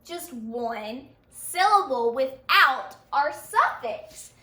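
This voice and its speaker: A woman teaching a children's phonics lesson, speaking patiently and slowly to young learners. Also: sits high, animated, pushed and bright, reverberant. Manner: slow, patient, sing-song teacher talk to young learners.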